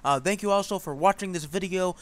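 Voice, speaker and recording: This male gaming channel host has a high, fairly bright voice and talks quickly. He rambles through his let's play commentary, leaning heavily on filler words.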